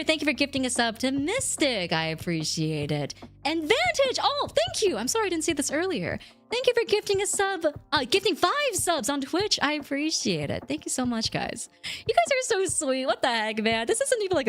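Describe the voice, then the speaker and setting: A young adult woman streamer chatting casually with viewers, jumping between squeaky highs and mock-deep lows.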